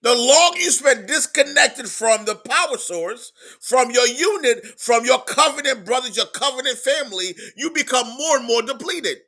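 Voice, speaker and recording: A man preaching a sermon in an emphatic, repetitive style, moving between quiet stretches and loud outbursts. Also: very high-pitched, lively intonation, normal speed, few pauses. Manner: emphatic preaching, repeats words, swings from soft to loud.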